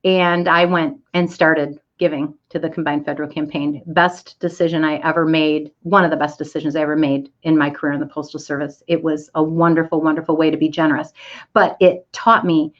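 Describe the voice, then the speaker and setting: Lively storytelling woman, muffled audio. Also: low voice, brisk. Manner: animated, acts out quoted voices. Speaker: speaker giving a talk. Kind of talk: storytelling talk. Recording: dull lo-fi audio.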